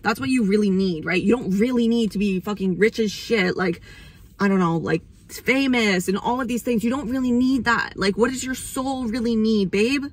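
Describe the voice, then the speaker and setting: A woman's voice: fairly high pitch, normal speed. A young woman hosting an astrology channel, rambling in a casual spiritual monologue, swearing freely, and getting emotional at times.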